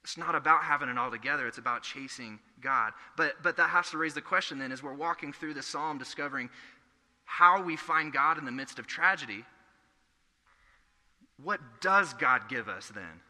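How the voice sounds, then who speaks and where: A man's voice: on the high side, moderate pace, pushed and bright. A young man preaching a sermon, earnest and conversational, telling stories from his own life. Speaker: pastor. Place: church hall. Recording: echoey hall.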